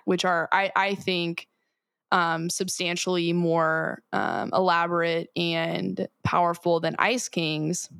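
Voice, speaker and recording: Female co-host, slightly low voice, thoughtful casual chat, dry mic. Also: gravelly, a bit bright, no room sound. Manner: thoughtful, hedging, with um and you know. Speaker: podcast co-host. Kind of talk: casual chat discussing a cartoon episode.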